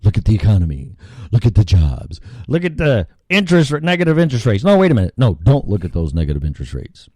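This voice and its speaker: A man's voice: on the low side, huge pitch swings, quick pace, warm tone, dry recording. A man hosting an ad-libbed talk radio show, irreverent and swearing freely as he reads the news sarcastically.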